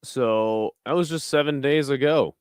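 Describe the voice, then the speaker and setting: A relaxed, foul-mouthed man hosts a late-night fight watch-along and trades jokes with his chat. His voice comes through smooth and clear, recorded dry on a close desk mic with no room sound. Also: mid-range voice, a little slow, no room sound. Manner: laid-back, profane, jokey asides to chat. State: tired, burping. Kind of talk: casual live commentary.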